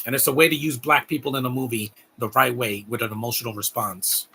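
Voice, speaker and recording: A man's voice: mid-range voice, fairly even intonation, fast talker, gravelly, background noise. A man giving rambling, heartfelt live commentary on a movie, repeating words as he talks. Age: adult.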